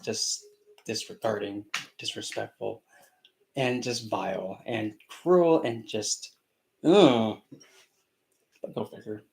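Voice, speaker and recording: A man's voice: on the low side, slow pace, gravelly, pauses often, darkish tone, poor audio. A man channeling a spirit on a live stream, talking in a sassy, scolding way and calling listeners honey.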